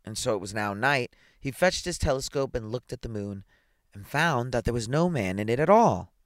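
A man reading a children's story aloud, playful and expressive, with chatty asides. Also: medium pitch, normal speed, no echo, clean studio sound.

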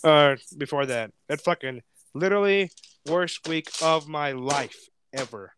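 A man's voice: on the high side, unhurried, fairly bright tone, clear, resonant tone. A man in his twenties hosting a podcast, telling a rambling story in casual chat, swearing often and filling with "like". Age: 20s. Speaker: podcast host.

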